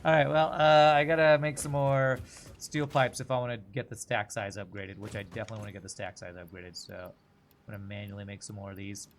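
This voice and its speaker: A young adult man streaming a game, chatting casually and thinking out loud as he plays. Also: on the low side, steady tone, slight background noise. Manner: chatty, thinks aloud, quick laughs. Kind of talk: casual gameplay commentary.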